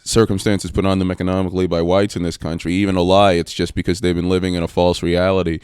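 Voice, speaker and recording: A man co-hosting a comedy podcast, riffing in a jokey, quick way and laughing often. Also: low voice, flat delivery, a little mellow, clean tone, no echo, clean studio sound. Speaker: podcast co-host. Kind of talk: casual comedy podcast banter.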